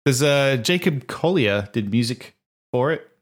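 A podcast co-host chats casually, rambling, cutting himself off and laughing often. His medium-pitched voice is animated and unhurried.

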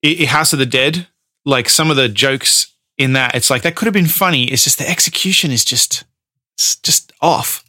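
A man co-hosting a podcast in casual chat, animated, laughing often and swearing freely. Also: medium pitch, moderate pace, no echo, studio quality. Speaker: podcast co-host.

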